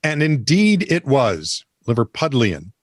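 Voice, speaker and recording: A man's voice: medium pitch, very animated, brisk, dry recording. Guy on a news comedy podcast, wry, voice swings up and down a lot, dry mic. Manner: wry, reads news stories aloud. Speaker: podcast co-host. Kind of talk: casual comedic news chat.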